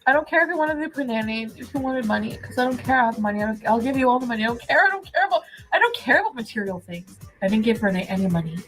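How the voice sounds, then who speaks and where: A drunk woman from Canada rants profanely into a livestream, her words slurring together. Her voice sits a little high. Faint music plays behind her. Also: expressive, very fast, hardly any pauses, fairly bright tone, poor audio.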